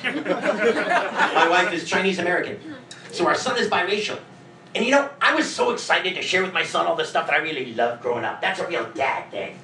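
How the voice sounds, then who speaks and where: A man in his forties performs a stand-up set on a comedy club stage to a laughing crowd, wry and self-mocking, often acting out the voices of people he quotes. His voice is high-pitched, pushed and bright, with lively intonation and a slightly fast pace. The audio is roomy and distant, with crowd laughter.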